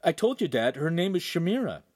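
An earnest teenage boy hero in a storybook, voiced a little higher than the reader's own. He is played by a man. Dry, close sound. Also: big pitch swings, brisk, husky, dry recording.

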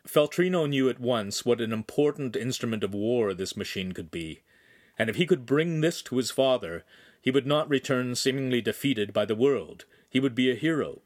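A man's voice: medium pitch, expressive, normal speed, no echo. Man reading a novel in a dry recording. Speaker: audiobook narrator. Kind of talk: scripted story narration.

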